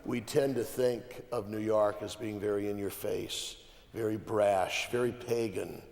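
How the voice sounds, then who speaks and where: A man's voice: on the low side, fairly even intonation, unhurried, creaky, a little mellow. A man from the American Midwest, an archbishop speaking as a guest on a panel. He talks emphatically, piling up repeated phrases and restarting his sentences. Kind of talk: conversational panel talk. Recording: long hall reverb.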